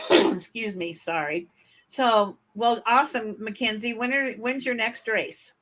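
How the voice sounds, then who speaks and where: With a northern US accent from her Michigan roots, this woman hosts a friendly, chatty podcast interview full of fillers. Her fairly bright voice is on the high side, and she speaks at a slow pace.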